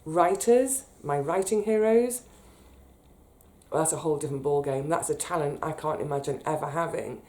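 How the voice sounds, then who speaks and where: British woman, casual vlog storyteller, mellow and lowish, animated. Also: normal speed. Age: 30s. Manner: chatty, animated, emotional when retelling.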